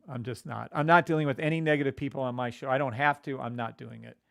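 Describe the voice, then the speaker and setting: A man hosting a live trading stream, calling out trades to viewers and greeting them by name, excitable and profane, swinging from shouts to mutters. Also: mid-range voice, fast, vocal fry, few pauses. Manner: addresses chat viewers by name.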